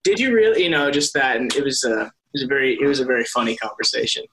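A man's voice: medium pitch, fairly even intonation, racing, sharp tone, low-quality recording. A young adult man, a guest actor on an interview, telling stories in a rambling way with many restarts and laughs. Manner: rambling, self-correcting, laughs often. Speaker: soap opera actor, guest. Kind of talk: casual interview chat.

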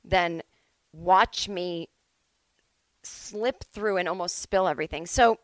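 A woman's voice: on the low side, takes it slowly, no room sound. Middle-aged woman telling rambling comic stories. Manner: rambling, self-deprecating, lively asides. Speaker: comedian podcast host. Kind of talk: casual comic storytelling. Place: at home.

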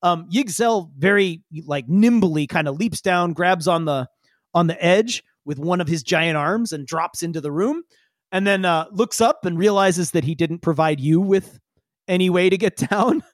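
A man's voice: sits high, moderate pace, dry recording, clean studio sound. A man narrating a tabletop game as game master, loose and full of fillers.

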